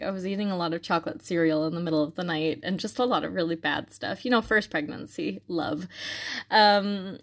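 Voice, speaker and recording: A woman's voice: mid-range voice, a bit bright. A young woman telling a personal faith story in a casual, earnest way, with many fillers and restarts. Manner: earnest and reflective.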